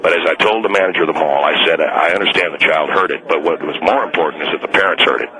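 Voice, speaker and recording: A man's voice: very deep voice, fast talker, pushed and bright, rough recording. A man playing an indignant, fired mall Santa on a radio call-in, stubborn and self-righteous, rambling with restarts. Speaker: caller.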